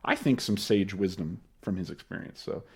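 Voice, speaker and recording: A man's voice: sits low, animated, normal speed, breathy edge. A man co-hosting a podcast, chatting casually and laughing, who drops into goofy voices now and then. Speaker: podcast co-host. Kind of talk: casual chat.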